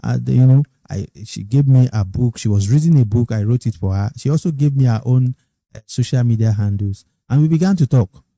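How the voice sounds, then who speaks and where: A middle-aged man with a Nigerian accent talks casually as a podcast host, with a very mellow, warm tone. He restarts and repeats phrases as he goes, and his pitch climbs when he acts out other people's excitement. The recording is dry and close, with no room echo. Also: a little fast, vocal fry. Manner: animated, quoting others in raised excited tones. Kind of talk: casual storytelling monologue.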